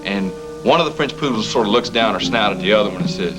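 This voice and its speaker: A man's voice: on the low side, animated, fast talker, over music, natural voice, low-quality recording. An actor in a 1980s TV soap playing a friendly, joshing man who fancies himself a comedian. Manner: easygoing, joshing. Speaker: friendly joker, would-be comedian.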